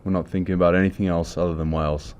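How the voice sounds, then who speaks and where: Deep, flat-voiced rugby player. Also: male voice, slight background noise. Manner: measured, speaking for the team. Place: press conference room. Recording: dull lo-fi sound.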